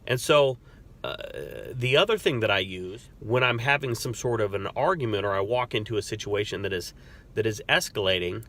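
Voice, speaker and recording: Man, corrections officer type, bright forceful voice, relaxed storytelling delivery. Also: lowish voice. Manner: earnest, conversational, storytelling. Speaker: corrections officer and crisis negotiator. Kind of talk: casual advice talk with stories.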